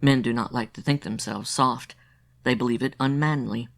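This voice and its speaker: A man narrating a literary audiobook in a measured, confessional storytelling manner. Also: mid-range voice, fairly even intonation, vocal fry.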